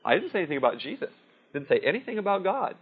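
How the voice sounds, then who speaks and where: A preacher with a high, slightly rough voice delivers a sermon conversationally to a live audience, very animated and rapid-fire, telling personal stories and often checking in with "See?" and "Okay?". The recording is dull and lo-fi.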